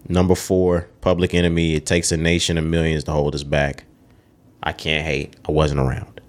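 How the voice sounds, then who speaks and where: Low-voiced guy on a podcast, opinionated, cussing, going down a list. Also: level tone, moderate pace. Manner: opinionated, swears freely, runs down a list. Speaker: podcast co-host. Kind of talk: casual chat.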